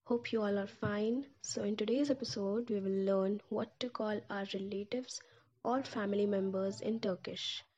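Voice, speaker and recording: A woman's voice: mid-range voice, steady tone, moderate pace, darkish tone. A woman teaching a language lesson, saying each word several times and breaking it into syllables. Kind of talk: slow, drilled language lesson. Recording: dull lo-fi recording.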